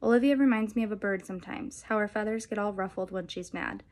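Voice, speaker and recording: A woman reading a novel aloud in a calm, measured way. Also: mid-range voice, poor audio. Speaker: audiobook reader.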